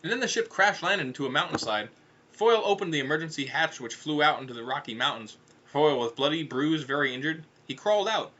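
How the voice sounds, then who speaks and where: A man's voice: a little high, animated, fast, pushed and bright, highs cut off, a little hiss or hum. A man narrating a comedic audiobook in a casual, offhand way with irreverent asides.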